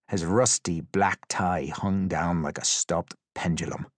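A man's voice: sits low, slightly rough, no echo, clean studio sound. A man reading a tense story aloud as an audiobook narrator, with intense, vivid storytelling. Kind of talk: scripted dramatic narration.

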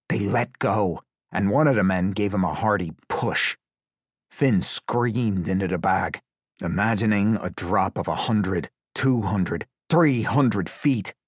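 A man's voice: on the low side, husky, no room sound. A man reading a tense story aloud as an audiobook narrator, with intense, vivid storytelling. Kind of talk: scripted dramatic narration.

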